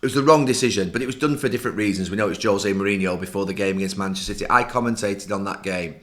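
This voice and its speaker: A middle-aged man with a fairly low voice, talking football on a podcast. He lays out tactics at length in a firm, emphatic way, sure of his opinions. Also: very fast, fairly bright tone. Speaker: podcast co-host, football pundit. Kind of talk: casual football discussion.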